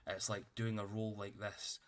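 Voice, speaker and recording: Low-pitched and flat, at a moderate pace, this man runs a tabletop game and chats out of character. His talk is rambling and full of swearing, captured on a streaming mic.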